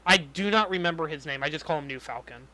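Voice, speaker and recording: Fast and on the high side, a young man's pushed, bright voice tears into a movie while co-hosting a casual podcast chat. His criticism is a profane rant with plenty of swearing.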